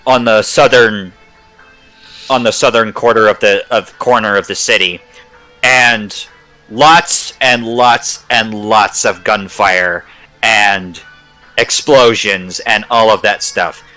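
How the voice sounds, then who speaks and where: A man running a tabletop game, talking slowly and stopping often with uh and restarts. His voice is bright and forward, and faint music plays in the background. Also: fairly low pitch, poor audio. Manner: slow, halting, with many fillers. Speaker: game master.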